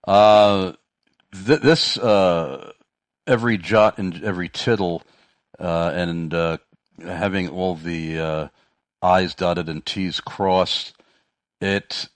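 Deep-voiced man hosting Christian talk radio, hesitant and halting, dry studio sound. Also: steady tone, no echo. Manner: hesitant, many fillers and restarts. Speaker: radio show host. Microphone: studio microphone.

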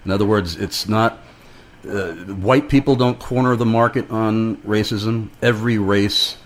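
A man hosting a Christian talk radio interview, speaking in a measured, preaching-style way. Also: on the low side. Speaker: radio show host.

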